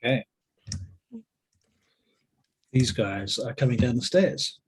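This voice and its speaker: A man narrating as dungeon master, relaxed and often pausing with ums. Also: mid-range voice, slightly rough. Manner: relaxed, hesitant with many ums. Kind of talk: narrating a tabletop game.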